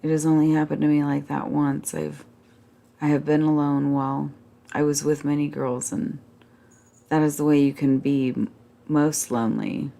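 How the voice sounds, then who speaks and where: A woman reading a classic novel aloud as a calm, measured bedtime story. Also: low voice, gravelly.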